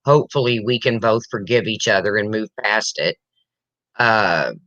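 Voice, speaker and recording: A woman's voice: a bass voice, pushed and bright, dry recording, highs cut off. A woman hosting a casual livestream chat, emotional and reading viewer comments aloud. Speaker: livestream host.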